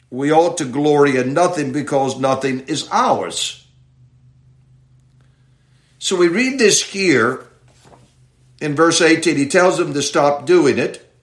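A man teaching a Bible passage verse by verse in sermon style, reading slowly and stressing key words. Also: fairly high pitch, echoey room. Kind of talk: expository sermon.

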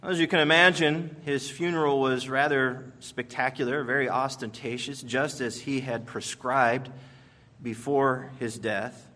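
A man preaching a sermon, telling it like a story with emphatic weight. His voice sits at a middle pitch, and he leans on measured pauses. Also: steady tone, pushed and bright. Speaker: pastor.

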